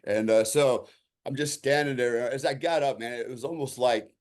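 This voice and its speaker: A man in the middle of his pitch range tells a story from his military past as a podcast guest. He talks in a loose, conversational way, slipping into the voices of the people in the story. He keeps checking in with "you know" and "right?" as he goes. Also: normal speed. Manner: vivid storyteller who acts out quoted lines.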